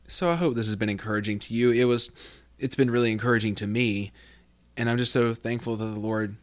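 A man's voice: medium pitch, brisk. Male podcast host, conversational devotional teacher, plenty of "I mean" restarts, builds emphasis on scripture passages. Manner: conversational, reads scripture aloud with rising emphasis; self-correcting, many fillers like "I mean".

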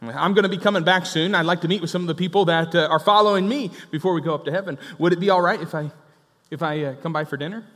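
Jesus as a pastor voices him, friendly and quick. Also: male voice, fairly high pitch, a bit bright, natural voice. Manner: friendly, quick, cheerful invitation. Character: Jesus on the phone, friendly man, eager, chatty. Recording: echoey church hall.

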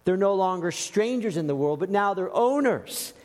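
An animated male preacher who tells stories and acts out the scenes. His high voice swoops widely. A long reverb from a large church hall hangs behind every phrase. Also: normal speed. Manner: animated storytelling, acting out scenes. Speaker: pastor. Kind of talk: sermon.

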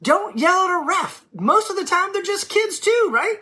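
A woman's voice: very high-pitched, big pitch swings, moderate pace, pushed and bright. A woman who coaches youth sports, giving blunt, scolding advice to parents in a frank monologue.

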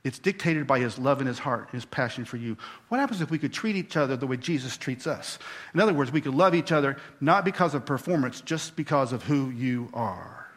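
A man's voice: medium pitch, animated, fairly quick, a bit bright. A man preaching a sermon, talking to the congregation and acting out the characters. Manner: conversational, acts out voices, asks the congregation. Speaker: pastor.

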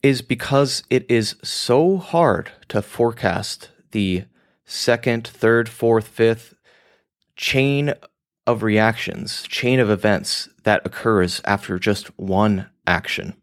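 A man's voice: fairly low pitch, takes it slowly. A man hosting a podcast, talking in a rambling, casual monologue with some swearing, often laughing at himself. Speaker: podcast host.

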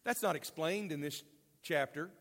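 A male pastor preaching a sermon in an animated, folksy way, with self-deprecating jokes. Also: fairly high pitch, normal speed, in a large hall.

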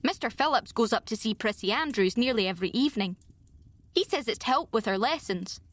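A woman's voice: on the high side, animated, a little fast, dry recording. A woman voicing an eager, chatty, fanciful girl. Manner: effusive, talkative, fanciful. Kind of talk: audiobook character reading.

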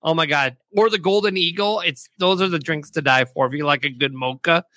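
A man's voice: a little high, bright, forceful tone, no room sound. A middle-aged man hosting a casual chat show over a video call, loose and joking. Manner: loose and joking, quick laughs. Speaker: podcast host.

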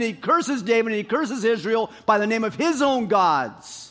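A male pastor preaching a sermon, reading scripture and retelling it in an animated storytelling way that swings from loud to soft. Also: high-pitched, moderate pace, hardly any pauses.

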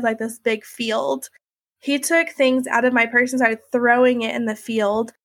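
A woman's voice: on the high side, a bit bright, no echo. Woman recounting her story, chatty and unpolished. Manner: conversational, filler-heavy, many likes and you knows. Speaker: interviewee sharing her story. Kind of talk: candid personal storytelling.

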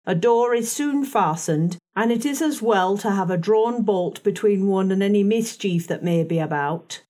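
Lady reading as a cool unbothered housemaid type, even and a bit pointed, storybook voice. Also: medium pitch, moderate pace, close to an everyday voice. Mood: composed. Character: composed, guarded middle-aged female servant. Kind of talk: audiobook character reading.

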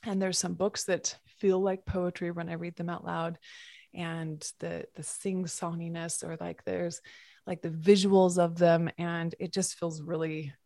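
A woman yoga teacher giving a reflective podcast talk, musing softly with halting restarts. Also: lowish voice, level tone, gravelly, no echo, clean studio sound.

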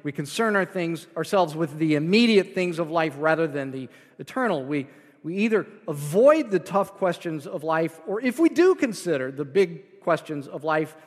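Guy preaching a sermon, bit higher voice, restarts a lot, long hall echo. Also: sing-song, moderate pace. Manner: explains scripture verse by verse, with repeated restarts. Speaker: pastor.

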